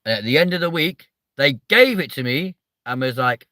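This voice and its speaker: Sweary man, bright dry voice. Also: expressive, dry recording. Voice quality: sweary, rambling, quick to rise in pitch when riled. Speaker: livestream host. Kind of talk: casual livestream chat.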